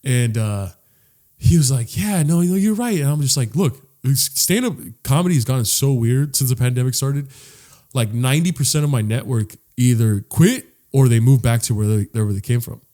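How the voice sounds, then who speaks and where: A man with a dark-toned, medium-pitched voice co-hosts a podcast at a moderate pace. He tells a long story casually and meanderingly, with lots of cussing, "like"s, and restarts.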